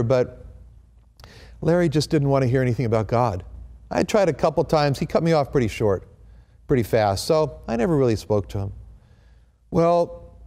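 A man telling a personal testimony as a lively storyteller, acting out the voices he quotes. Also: medium pitch. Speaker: company founder giving a testimony.

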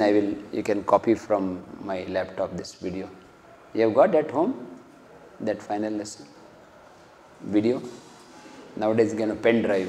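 A man's voice: mid-range voice, a little mellow. A man giving an earnest devotional lecture, acting out quoted dialogue as he tells stories. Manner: earnest, acts out quoted dialogue with rising emotion. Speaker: speaker at a temple lecture. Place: temple hall. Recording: echoey hall.

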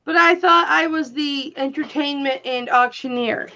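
A woman's voice: high voice, measured pace, bright, forceful tone, a little hiss or hum. A woman hosting a casual live stream, talking bluntly and teasing her co-hosts. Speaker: host. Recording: dull lo-fi stream audio.

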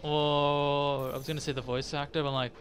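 A man's voice: fairly high pitch, little pitch movement, a little fast, a bit bright, faint music behind. A young man giving casual, rambling gameplay commentary, laughing and swearing as he plays. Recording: gunfire and game noise behind.

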